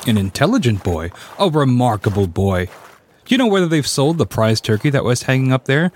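A man's voice: mid-range voice, very animated, a little fast, slight background noise, natural voice. A man playing an elderly reformed miser, exuberant and generous, in a dramatic story reading. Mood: giddy. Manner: exuberant, swooping delivery with mock-stern turns.

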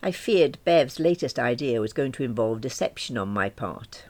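A woman's voice: very deep voice, lively intonation, normal speed, darkish tone. A woman narrating a first-person story audiobook in a wry, self-deprecating manner.

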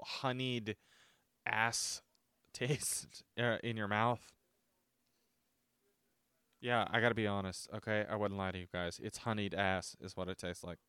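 Low, smooth-voiced rambling young man. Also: fairly bright tone, dry recording. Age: 20s. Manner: rambling, swears freely, self-mocking. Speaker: vlogger reviewing drinks. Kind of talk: casual chat to camera.

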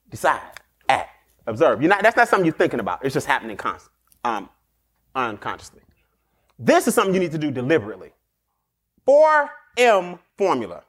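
A man hosting a show, giving street-wise motivational advice in an animated way, laughing often and acting out quick exchanges. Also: extremely high pitch. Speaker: podcast host.

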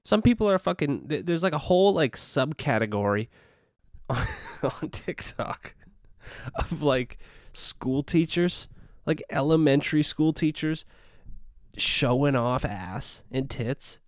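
A man's voice: a little high, expressive, takes it slowly, no echo, studio quality. Rambling, foul-mouthed young man. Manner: rambling and profane, heavy on "you know" and "dude". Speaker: podcast host. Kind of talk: casual solo podcast rant.

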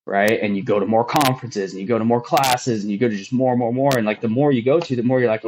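A man's voice: medium pitch, fast talker, few pauses, dull audio. A man, a firefighter, telling his own story on a podcast in an earnest, rambling way with many fillers. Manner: earnest, rambling, emotional retelling with lots of fillers. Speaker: firefighter guest.

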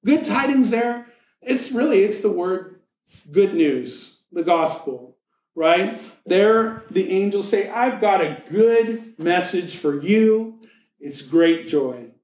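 A pastor with a higher, darkish voice preaches a sermon, reading scripture and then retelling it with jokes and playful asides. The recording is rough and sounds roomy.

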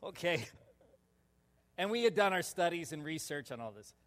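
A male pastor telling a personal story in a sermon, animated and laughing, with sudden loud shouts. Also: fairly high pitch, normal speed. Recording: long reverb of a large hall.

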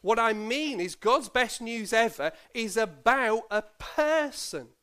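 A man, a pastor, reading scripture and preaching a sermon, playful and lively as he asks children questions. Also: extremely high pitch, measured pace, clean tone. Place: church service.

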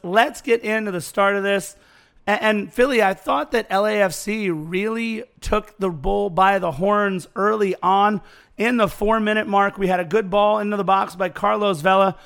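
Male podcast co-host, high voice with vocal fry, calm, dry match recap. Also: moderate pace. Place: studio.

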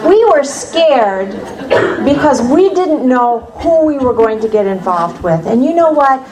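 A woman from the United States giving a personal faith testimony to an audience, telling it as a lively story with humorous asides. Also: high voice, measured pace, background noise. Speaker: speaker sharing her faith testimony.

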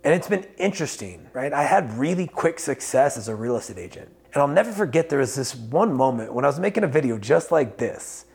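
Gravelly, husky man giving candid advice. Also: medium pitch, a little mellow. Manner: casual and candid, swears freely, grows emphatic. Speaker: life coach. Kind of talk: motivational talk to camera.

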